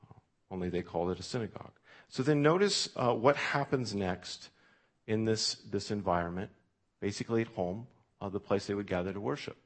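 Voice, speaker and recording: A man's voice: lowish voice, fairly quick. A male pastor preaching a sermon in a conversational way, with frequent fillers and restarts, reading scripture aloud with extra emphasis.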